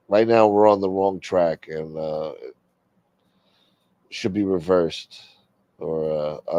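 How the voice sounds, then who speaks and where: A man's voice: low voice, mellow, no room sound. A middle-aged man hosting a livestream, rambling and complaining with lots of swearing in casual talk. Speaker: livestream host. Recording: dull lo-fi stream audio.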